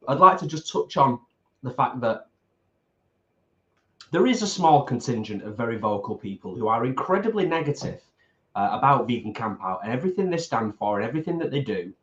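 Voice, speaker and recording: A middle-aged man co-hosting a casual mukbang chat, earnest and deliberate, repeating points for emphasis. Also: medium pitch, very animated, a bit bright. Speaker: co-host. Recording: roomy, slightly dull home recording.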